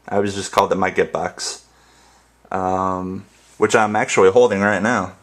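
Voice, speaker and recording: Deep-voiced and steady, a young man from the northern U.S. speaks at a normal speed. He's a YouTube creator joking his way through a dialect tag in a casual ramble, spelling out words.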